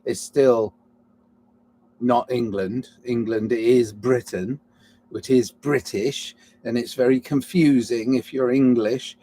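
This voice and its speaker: A man's voice: mid-range voice, fairly even intonation, takes it slowly, mellow, a little hiss or hum. A man giving a rambling, reflective solo monologue, often restarting mid-thought, flaring up and then apologizing with self-mocking asides. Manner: digressive, restarts mid-thought, swings between musing and heated outbursts. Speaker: solo podcaster.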